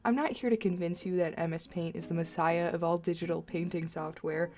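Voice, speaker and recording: A woman's voice: on the low side, steady tone, a little fast, darkish tone, soft background music. A young woman narrating a scripted art video in a playful, mock-dramatic and sarcastic way.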